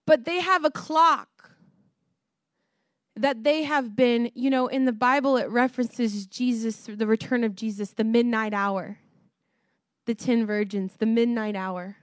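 Speaking a little slowly in a steady tone, a woman preaches with growing fervor, her high voice nearly shouting at its peaks. Between points she laughs frequently and speaks right to the congregation. The recording is close and dry, with no echo or room sound.

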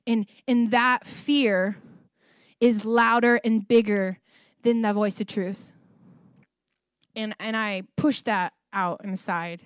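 A woman's voice: mid-range voice, fairly even intonation, slow, pauses often, dry recording, studio quality. A woman sharing a personal faith testimony in an emotional, earnest way, often repeating phrases for emphasis. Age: adult, married ten years.

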